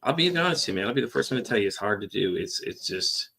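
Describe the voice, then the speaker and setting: A man talks candidly as a podcast host. His voice sits low and gravelly, with a bright, forceful edge. He rambles, circles back on himself and swears casually. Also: lively intonation, fast talker. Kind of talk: candid personal monologue.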